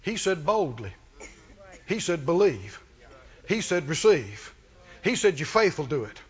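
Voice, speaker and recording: A man's voice: a little high, big pitch swings, unhurried, slightly rough. A man preaching a sermon with emphatic delivery, reading scripture and acting out quoted voices. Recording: muffled hall recording.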